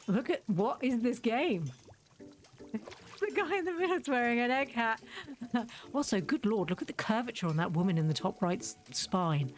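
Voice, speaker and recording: A woman's voice: fairly high pitch, lively intonation, normal speed. A woman streamer giving casual gameplay commentary, chatty and joking, laughing often.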